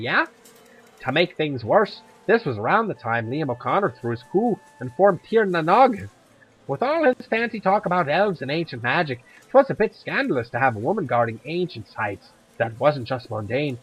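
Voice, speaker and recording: A man voicing a tough middle-aged Irish woman who hunts monsters, with a put-on Irish accent that drifts toward Scottish and a blunt, gruff, chatty way of talking. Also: fairly high pitch, a bit bright, full character voice, low-quality recording.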